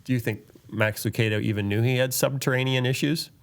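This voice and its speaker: A man's voice: mid-range voice, steady tone, fairly quick, gravelly. Joking male podcast host. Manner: jokey, sings a goofy theme song. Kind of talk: casual chat.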